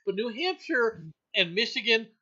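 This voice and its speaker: Laughing, bright-voiced man reading the news. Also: extremely high pitch, big pitch swings, normal speed. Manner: laughs often, wry asides, mock quotes. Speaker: podcast host reading news stories. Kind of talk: casual news commentary. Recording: dull lo-fi sound.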